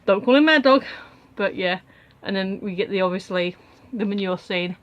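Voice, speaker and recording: A woman's voice: medium pitch, normal speed, lo-fi sound. A young woman casually recapping a film as a reviewer, rambling with many asides.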